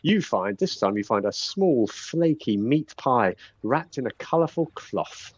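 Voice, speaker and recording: A man running a tabletop role-playing game, talking in a chatty, laughing way full of fillers. His pitch rises and falls a lot. The sound is dull and lo-fi. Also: big pitch swings, a little slow, slightly rough. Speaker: dungeon master.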